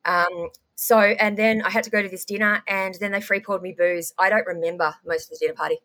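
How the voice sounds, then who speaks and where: A young woman telling an interviewer a candid story, animated and swearing freely. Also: mid-range voice, a little fast. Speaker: guest.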